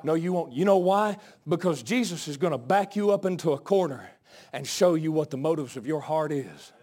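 A male pastor preaching a sermon, out of breath, swinging from folksy asides to shouted peaks. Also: on the high side, lively intonation, normal speed. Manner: folksy, joking asides to the congregation.

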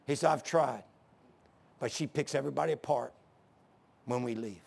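An older man preaching a sermon, swinging from shouting to hushed storytelling, with a gravelly, husky voice. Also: mid-range voice, moderate pace. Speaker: pastor.

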